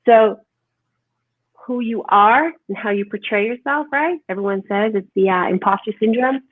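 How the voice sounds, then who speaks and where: A woman's voice: a little high, normal speed, no room sound. Emphatic woman on a tinny line. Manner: animated, emphatic, lots of "right?". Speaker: holistic health speaker. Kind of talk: conversational interview. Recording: tinny phone-like line, dry.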